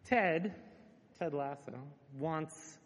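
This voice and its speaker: A man preaching a conversational sermon, earnest and relaxed, with frequent "uh" fillers. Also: a little high, extremely slow. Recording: echoey hall with long reverb.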